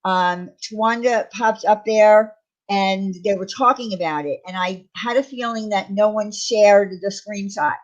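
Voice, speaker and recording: A woman's voice: mid-range voice, a little slow, highs cut off. A woman hosting a casual live stream, talking defensively and repeating her points for emphasis. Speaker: channel host.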